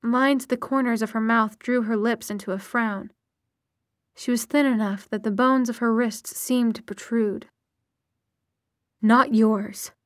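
A woman narrating a novel aloud in a steady, measured storytelling manner. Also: fairly high pitch, dry recording, clean studio sound. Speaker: audiobook narrator. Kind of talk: audiobook narration.

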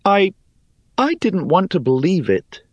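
A man's voice: high voice, very animated, measured pace, no echo, highs cut off, voice pushed up, full character voice. A man voicing an earnest young girl who pleads urgently, in a storybook reading. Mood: pleading.

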